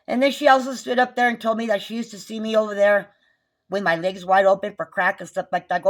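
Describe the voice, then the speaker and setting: A woman's voice: medium pitch, steady tone, fast talker. A woman, recounting a neighbor dispute in an agitated, profane, repetitive rant. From New Mexico. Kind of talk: angry recounting vlog.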